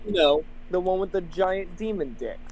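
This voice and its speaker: A man's voice: high voice, animated, moderate pace, a little mellow, a little hiss or hum, rough recording. A man playing a tabletop game, blunt and joking. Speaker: player. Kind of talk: casual chat.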